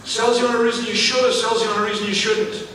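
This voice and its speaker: A man from Africa giving an energetic live keynote speech on stage, repeating phrases and putting questions to the audience. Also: sits high, fast, slight background noise. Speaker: motivational speaker. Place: large event venue, on stage. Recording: echoey hall, mic at a distance, faint ambience.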